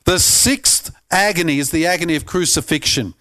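A pastor earnestly preaching a sermon, often climbing to emphatic peaks and stumbling over repeated words. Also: male voice, fairly high pitch, moderate pace, sharp tone.

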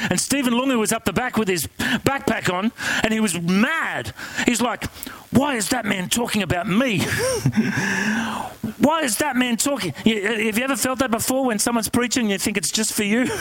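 A man preaching a sermon, telling a story in an animated, conversational way and asking the congregation questions. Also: high-pitched, rough recording.

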